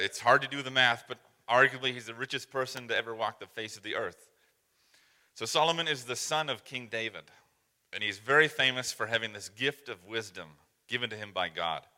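A man preaching a sermon, telling stories in a relaxed, self-deprecating way with many fillers. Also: fairly low pitch, big-room sound. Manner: casual storytelling with fillers and self-deprecating humor. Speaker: pastor.

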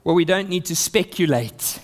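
A man's voice: a little high, lively intonation, moderate pace. A man preaching an expository sermon, reading scripture aloud and building emphasis.

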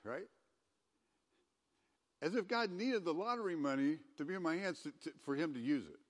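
A man giving a conversational sermon as a pastor, who gets loud and emphatic when he reads scripture aloud. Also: on the high side, sing-song, moderate pace, long pauses, long reverb tail. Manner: conversational preaching, rising to loud scripture reading.

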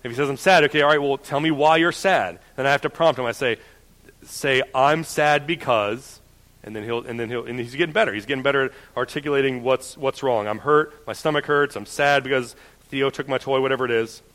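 A man's voice: mid-range voice, a little fast. Young male pastor in a reverberant hall. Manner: personal story told in a quiet conversational voice, then preaching with rising force. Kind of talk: sermon.

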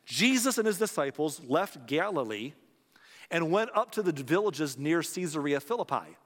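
Pastor, man, fairly high voice, lively conversational sermon, long hall reverb. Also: normal speed. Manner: conversational, animated preaching with acted-out quotes.

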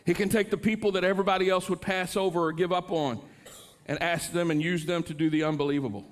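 High-voiced preaching man. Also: steady tone, fast talker. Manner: earnest preaching, rising to impassioned pleas. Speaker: pastor. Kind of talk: sermon.

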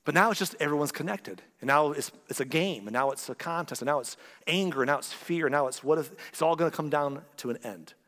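A fairly high-voiced man preaching in a church, his sermon ringing through the long reverb of a large hall. He keeps it conversational and animated, slipping in joking asides and little impressions of other people. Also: quick pace. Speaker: pastor.

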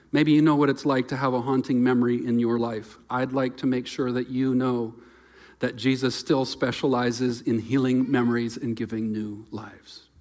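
Earnest pastor man, loud to hushed. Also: medium pitch. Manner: earnest, swings from loud emphasis to near-whispered softness. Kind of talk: sermon.

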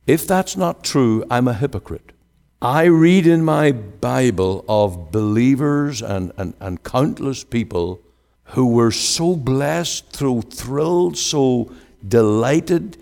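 A male preacher with a medium-pitched voice gives a sermon in church, the recording carrying a long hall reverb. He swings between emphatic rising questions and hushed pleading, quoting scripture in old-fashioned wording.

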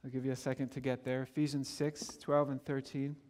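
A man's voice: medium pitch, little pitch movement, fairly quick, a little mellow, in a large hall. A man preaching a sermon as pastor, with an emphatic, repetitive cadence.

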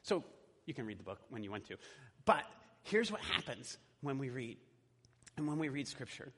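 A man's voice: medium pitch, very animated, moderate pace, a bit bright. A man preaching a sermon in a church in a conversational way, with casual fillers. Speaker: pastor. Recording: echoey hall.

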